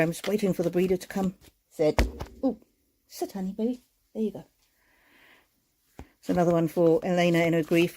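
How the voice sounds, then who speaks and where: Tender, mellow-voiced woman reading cards. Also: on the low side. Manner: tender, soothing, emotional. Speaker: oracle card reader. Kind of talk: live-streamed card reading.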